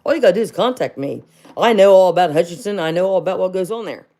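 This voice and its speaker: A woman's voice: lowish voice, fast, mellow. A middle-aged woman talks straight to her viewers on a livestream, casual and rambling, with lots of fillers. She calls people honey and gets fired up, piling on rhetorical questions. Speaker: livestream host.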